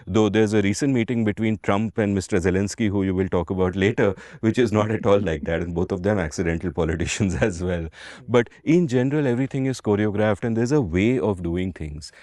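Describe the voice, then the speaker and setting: A man's voice: lowish voice, brisk, darkish tone, no echo. A man with an Indian English accent co-hosting a podcast in a casual, digressive storytelling chat, swearing now and then and slipping into Hindi. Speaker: podcast co-host.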